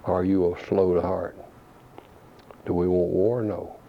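A man's voice: deep voice, little pitch movement, unhurried, gravelly, slight background noise. A man preaching a sermon, asking rhetorical questions and quoting scripture. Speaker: pastor. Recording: dull lo-fi recording.

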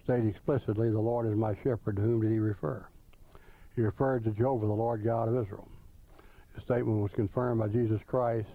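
A man preaching a sermon, reading scripture slowly and deliberately, with small restarts. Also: fairly low pitch, no room sound. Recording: tinny phone-like line, dry.

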